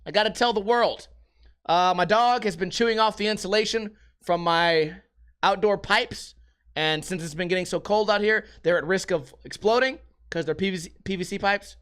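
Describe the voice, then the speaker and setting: A young man talks casually on his podcast, wandering from tangent to tangent with plenty of swearing and jokes. His voice sits high and sounds bright and ringing. He keeps it loose and unscripted. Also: normal speed, clear, resonant tone. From United States. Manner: rambling, profane, jokey storytelling. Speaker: podcast host.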